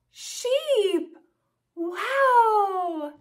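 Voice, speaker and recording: A woman hosting a toddler learning video, speaking slowly and sounding out words in an exaggerated teaching manner. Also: extremely high pitch, sing-song, sharp tone. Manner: slow, exaggerated, sing-song teaching to toddlers. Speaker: children's educational video host. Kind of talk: toddler speech lesson.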